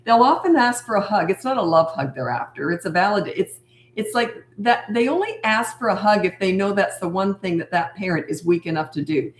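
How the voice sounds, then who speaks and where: A woman's voice: mid-range voice, expressive, brisk, slight background noise. Blunt woman coaching parents, echoey room. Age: older. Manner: blunt, firm, repetitive phrasing. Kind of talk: live-stream Q&A.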